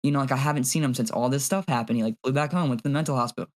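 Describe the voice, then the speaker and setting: A young man co-hosting a podcast, telling a story in an animated, casual way with plenty of "like" and swearing. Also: mid-range voice, racing. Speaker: podcast co-host. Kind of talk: casual chat.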